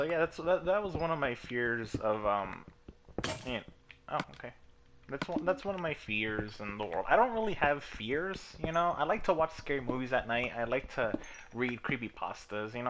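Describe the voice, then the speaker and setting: A man hosting his own gaming video, his speech rambling and full of swearing and sudden excited outbursts. His pitch sits in an ordinary middle range. Clear game music plays behind him the whole time. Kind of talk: casual gameplay commentary and rant.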